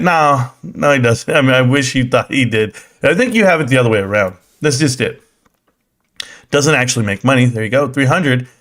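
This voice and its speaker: A man's voice: mid-range voice, a bit bright. A young man hosting a casual live stream, joking loosely in slang and reading chat comments aloud.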